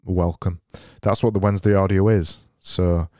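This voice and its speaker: Deadpan man, low voice. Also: moderate pace, dry recording, studio quality. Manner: deadpan, rambling, self-mocking. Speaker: podcast host. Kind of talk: comedic solo podcast monologue. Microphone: boom-arm podcast mic.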